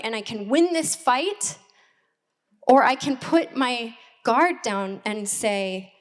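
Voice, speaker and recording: Woman pastor, sermon, slow pace, higher pitch, candid and reflective. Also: animated. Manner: candid and personal, with reflective pauses. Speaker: assistant pastor. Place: church hall.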